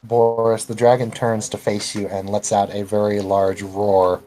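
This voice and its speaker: Low-voiced man running a tabletop game. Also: level tone, unhurried, mellow, soft background music, poor audio. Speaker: game master.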